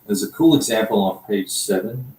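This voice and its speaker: A man with a fairly low voice plays a tabletop wargame with a friend, working through the rules aloud with halting pauses and fillers. He sounds like he is in an echoey room, with a faint hiss of background noise behind him. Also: lively intonation, a little mellow. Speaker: board game player, co-host. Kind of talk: casual chat over a wargame.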